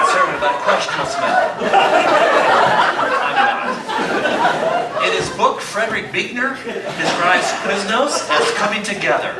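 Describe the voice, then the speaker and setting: A man impersonating a fiery pastor mid-sermon. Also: on the high side. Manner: swooping sermon cadence with dramatic pauses. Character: fiery middle-aged male pastor preaching with dramatic pauses. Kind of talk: mock sermon impression. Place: church hall. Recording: echoey hall, distant mic, loud noise.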